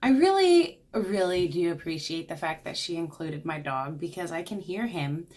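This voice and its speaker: A woman's voice: sits low, steady tone, moderate pace. A young woman, chatting casually through an unboxing vlog at home and cooing at her dog. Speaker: beauty vlogger.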